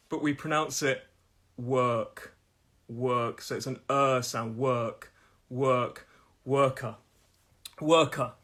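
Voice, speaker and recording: Middle-aged english guy teaching pronunciation live, bit higher voice, chatty, voice going a little. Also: a bit bright. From England. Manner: chatty, repeats each word slowly, laughs at own jokes. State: losing his voice. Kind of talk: live-streamed pronunciation lesson.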